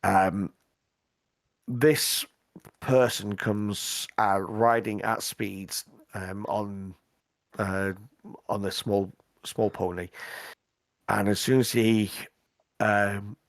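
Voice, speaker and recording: A man narrating as game master, hesitant and full of pauses. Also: lowish voice, steady tone, vocal fry, dry recording, clean studio sound. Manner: hesitant, full of ums and restarts.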